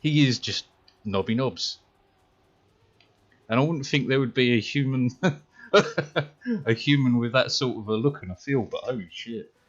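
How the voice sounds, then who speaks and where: A man's voice: medium pitch, animated, measured pace, pauses often, dull audio. A man with a British accent, chatting casually and swearing while he plays a racing game, mocking his own mistakes. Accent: British English. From Britain. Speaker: streamer. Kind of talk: casual gameplay commentary.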